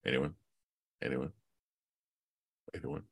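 A man's voice: a bass voice, steady tone, takes it slowly, creaky. A man teaching an online Quran class in a casual, conversational way, quizzing students and using fillers. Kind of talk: casual online religious lesson.

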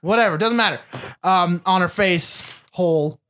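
A man co-hosting a podcast, chatting casually and crudely about a movie, rambling and acting out scenes in quick quoted voices. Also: high voice, a bit bright. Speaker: podcast co-host. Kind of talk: casual comedic movie chat.

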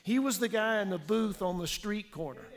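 A man's voice: sits high, moderate pace. A man preaching a sermon in a folksy, joking way, with asides and restarts. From Wyoming.

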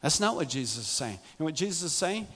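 High-voiced emphatic male preacher. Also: very animated, quick pace. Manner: emphatic, swings between loud raised passages and quiet low asides. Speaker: pastor. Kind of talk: sermon.

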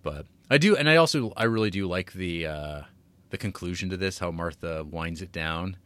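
Low-voiced man casually chatting about a film. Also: moderate pace, smooth, no room sound. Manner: rambling, restarts, lively retelling. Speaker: podcast co-host.

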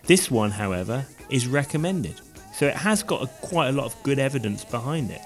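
Man, podcast co-host, lively swinging pitch, reads facts aloud, faint music underneath. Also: a little fast. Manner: animated, reads facts aloud with hesitant restarts. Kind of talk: casual podcast chat.

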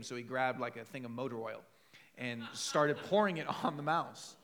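A man's voice: on the high side, a little slow, fairly bright tone. A man preaching a sermon in a conversational, storytelling way, acting out quoted voices. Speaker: pastor.

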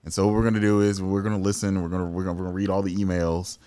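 A man co-hosting a casual podcast, talking in halting starts with repeated words. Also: deep voice, little pitch movement, warm tone, no room sound. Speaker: podcast co-host.

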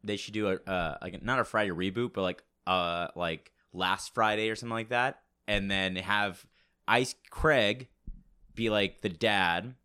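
A man's voice: fairly low pitch, a little slow, bright, forceful tone, smooth. A young man in casual podcast chat, rambling with many fillers.

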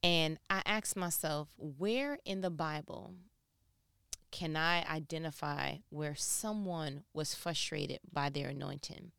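A woman's voice: low voice, slow pace, creaky, a bit bright, smooth, no echo, studio quality. A woman giving a casual, joking devotional talk, speaking straight to the listener. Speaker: Bible teacher.

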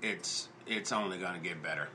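A low-pitched man hosting a group podcast, his voice bright and forward. He talks in a halting, sincere way, restarting his sentences, and faint noise sits under the recording. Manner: halting, heartfelt, many restarts. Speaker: podcast host. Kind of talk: casual chat.

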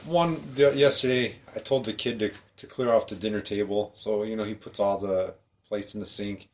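A man's voice: on the low side, steady tone, normal speed, a little mellow. A man in casual podcast chat, ranting with incredulous laughs about family habits.

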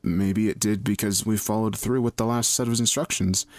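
A man's voice: on the low side, steady tone, normal speed, a little mellow, no room sound, lightly acted. A man voicing a puzzled, easygoing young man who asks questions offhandedly in a horror story reading. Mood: offhand.

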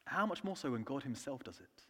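A man from the United Kingdom preaching a sermon, earnest, moving between soft hushed lines and emphatic ones. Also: medium pitch, very animated, a little fast, breathy edge. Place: church. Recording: long church reverb.

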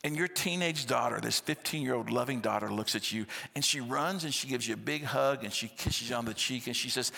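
A man, preaching a sermon in a lively, conversational storytelling style with rhetorical questions, in a church sanctuary. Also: medium pitch, a little fast, gravelly, hardly any pauses. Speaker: pastor. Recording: long church-hall reverb.

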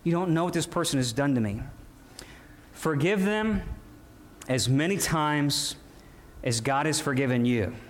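A man preaches a sermon with a voice that sits a little high for a man. He calls out to his listeners, and his emphasis rises and falls as he works through each point. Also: animated, measured pace, long pauses. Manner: preaching with call-and-response asides and shifting emphasis. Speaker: pastor.

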